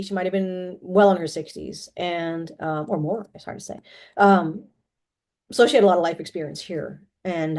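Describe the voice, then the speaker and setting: A woman telling personal stories in a casual monologue, rambling with many restarts and often clearing her throat. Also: lowish voice.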